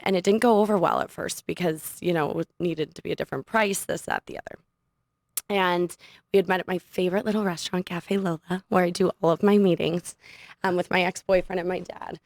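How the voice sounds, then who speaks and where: Gravelly-voiced woman telling a story. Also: fairly low pitch, no echo, studio quality. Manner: animated, laughs often, quotes others in her story. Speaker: podcast guest, studio owner. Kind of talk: casual storytelling. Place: podcast studio.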